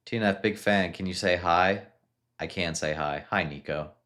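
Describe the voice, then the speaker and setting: Very low-voiced man answering live chat. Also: moderate pace, fairly bright tone, slight background noise. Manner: reads chat questions aloud, answers with hesitant restarts. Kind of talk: casual live-stream chat.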